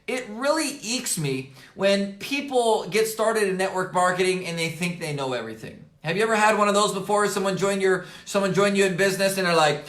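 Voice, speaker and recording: Man, motivational coach, slightly hoarse, emphatic, repeats himself, high voice, echoey office. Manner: energetic and emphatic, fills pauses with "right?" and "okay?"; repeats key phrases for emphasis. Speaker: network marketing coach. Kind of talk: motivational coaching talk to camera. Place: at his desk in an office. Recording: roomy echo.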